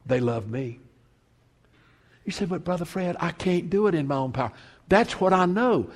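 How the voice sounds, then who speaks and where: A fairly high-voiced man preaching to his congregation. He tells a story with sudden loud stresses and then drops to near hushed lines. His voice rings out with a long reverb, as in a large church hall. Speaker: pastor. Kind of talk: sermon.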